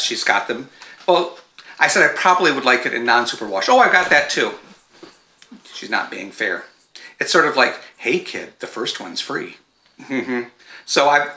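Male knitting-show host, chatty and rambling, very bright, sharp tone, echoey room at home. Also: mid-range voice. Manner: chatty and digressive, breaks off to talk to his dogs. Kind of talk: casual chat to camera. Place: home with dogs around.

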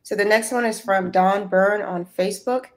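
A woman's voice: mid-range voice, fairly even intonation, moderate pace. A woman with a Southern US accent moderates a webinar over a video call, politely reading out audience questions. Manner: polite, thanks askers by name.

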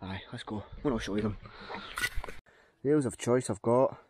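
A man's voice: medium pitch, a little fast, noisy background. A Scottish man talking casually to camera in a forest, chatty and upbeat as he thinks aloud. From Scotland. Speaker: outdoor vlogger. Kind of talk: casual vlog talk to camera. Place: outdoors in a forest.

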